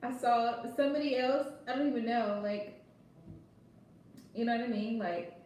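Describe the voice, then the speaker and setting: A high-voiced woman chats loosely on a live stream as a tarot reader, rambling and laughing often. She sits back from the mic in a very echoey room, with a faint hiss of noise behind her. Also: moderate pace, darkish tone, far from the mic. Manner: chatty and rambling, laughs often, many fillers. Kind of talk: casual live-stream chat.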